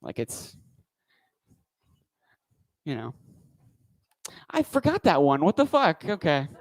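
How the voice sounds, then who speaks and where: A man's voice: fairly high pitch, wildly swooping pitch, slow, dry recording, poor audio. A man doing a stand-up comedy set on a club stage, talking into a handheld mic with a wry, rambling delivery.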